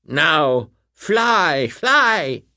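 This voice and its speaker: Guy putting on a shrill huffy witch lady w a brooklyn twang, hissy and bossy, storybook reading, dry close sound. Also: sing-song, moderate pace, no room sound. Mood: shrieking. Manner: shrill shrieks, hissed whispers. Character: shrieking stage witch, woman, Brooklyn accent, bossy and huffy.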